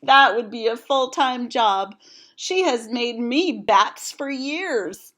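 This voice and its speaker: A woman's voice: fairly high pitch, animated, slow, fairly bright tone, heavily acted. A woman voicing a dry, teasing man of the house in a storybook read-aloud. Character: gruff, joking middle-aged man of the house.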